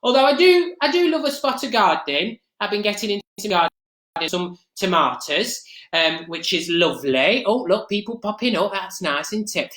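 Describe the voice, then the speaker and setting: Speaking in character as Mrs Mabel Green, a gossipy middle-aged Nottingham woman with an East Midlands accent, a performer rambles through a comic live-stream monologue packed with fillers and side remarks. The medium-pitched voice moves at normal speed, animated and a touch bright, close to an everyday voice, in an echoey room.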